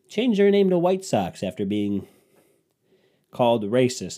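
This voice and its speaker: A man's voice: medium pitch, very animated, measured pace, pauses often, dark tone. Rambling, crude young comic man. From Cleveland, Ohio. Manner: rambling, self-mocking, crude. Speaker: podcast host. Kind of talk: comedic monologue.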